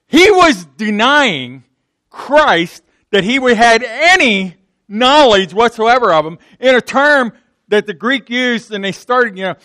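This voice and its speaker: A man's voice: very high-pitched, animated, slow pace, sharp tone, no room sound, studio quality. A man from Pittsburgh with a Pittsburgh accent, preaching a sermon in a conversational, folksy way, acting out the quotes. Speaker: pastor.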